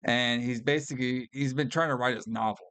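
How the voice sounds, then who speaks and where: With a medium-pitched, fairly bright and clean voice, a man co-hosts a relaxed film review podcast with no room sound. His delivery is brisk and fairly even in intonation, loose and profane, full of laughs and frequent uses of "all right" and "brother."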